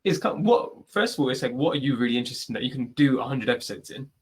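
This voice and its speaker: A man's voice: mid-range voice, expressive, rapid-fire, breathy edge. A British man who hosts a podcast, answering questions on a video call in a chatty, advice-giving way, often adding "like" and "right?". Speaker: podcast host. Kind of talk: live online Q&A answer.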